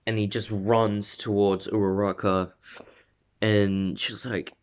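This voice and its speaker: A man's voice: lowish voice, little pitch movement, slow pace, clear, resonant tone. Rambling man retelling a fan story. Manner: rambling, many fillers and self-corrections. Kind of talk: casual fan-fiction retelling.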